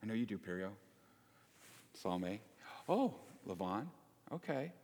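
A man preaching a sermon to his congregation, conversational and animated, joking with the people in the pews. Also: lowish voice, measured pace. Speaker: pastor. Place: church sanctuary. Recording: long hall reverb.

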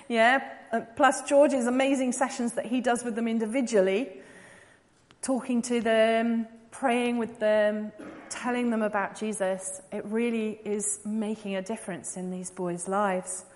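A woman's voice: a little high, big-room sound. A woman giving a talk as a psychodrama practitioner, telling a story vividly and earnestly.

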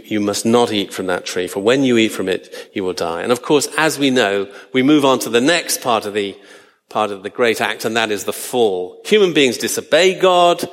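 A man preaching a sermon, earnest and slowing down for emphasis. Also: mid-range voice, a bit bright, in a large hall.

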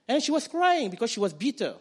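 A man preaching a sermon, animated, acting out quoted voices and building to loud declarations. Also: very high voice, fast, breathy edge. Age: adult parent.

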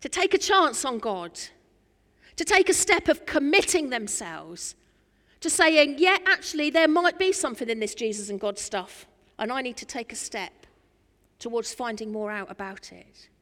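An English woman preaching a sermon, earnest and rhythmic with much repetition, swinging between loud and soft. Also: a little high, lively intonation, normal speed. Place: church. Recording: long church hall reverb.

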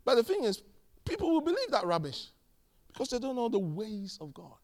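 High-voiced emphatic male preacher. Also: fairly quick. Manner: animated storytelling, acting out dialogue; emphatic, repeats key phrases. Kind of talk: sermon.

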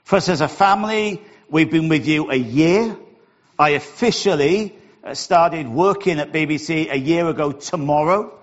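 A man's voice: a little high, moderate pace. A middle-aged Welsh man, a pastor, opening a sermon in a chatty, joking, self-deprecating way in a church hall. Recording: dull lo-fi recording.

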